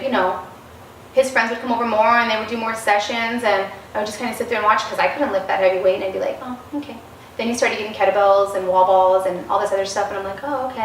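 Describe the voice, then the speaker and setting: Animated woman in a roomy, distant recording. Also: mid-range voice. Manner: animated, acts out quoted dialogue. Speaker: interview guest. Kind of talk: casual storytelling interview. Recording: roomy, distant mic, faint noise.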